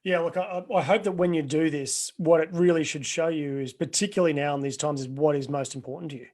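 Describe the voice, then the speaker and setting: A man's voice: fairly high pitch, fairly even intonation, quick pace, a little mellow. A middle-aged man, a life coach answering webinar questions in an earnest, rambling way, restarting sentences and telling anecdotes.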